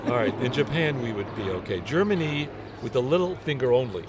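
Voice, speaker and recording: A man's voice: medium pitch, animated, brisk, a little hiss or hum. A man hosting a casual chat outdoors in a garden, playful and jokey, now and then acting out little voices. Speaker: show host.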